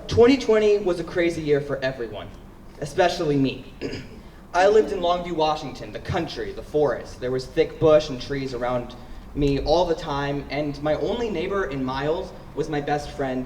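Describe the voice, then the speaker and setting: A teenage boy telling a personal story on stage at a school event, lively and playful in a casual way. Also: a little high, moderate pace, slight background noise. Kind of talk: live storytelling. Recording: roomy hall, mic far off.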